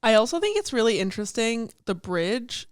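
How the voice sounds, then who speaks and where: A woman's voice: fairly high pitch, very animated, brisk, no room sound, clean studio sound. A young woman in her twenties co-hosting a casual podcast chat about song lyrics, chatty and peppered with "like" and casual swearing. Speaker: podcast co-host.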